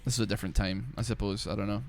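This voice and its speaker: A man's voice: fairly low pitch, fairly even intonation, racing, creaky, darkish tone, a little hiss or hum. A young man streaming a video game, chatting casually in a rambling, profane way with many filler words. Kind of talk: casual chat while playing a video game.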